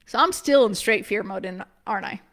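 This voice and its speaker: A woman in her thirties telling a personal story in a lively, casual way, full of "like" and short laughs, acting out what people said. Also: medium pitch. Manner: animated, filler-heavy with frequent "like", quick laughs. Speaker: preschool business coach.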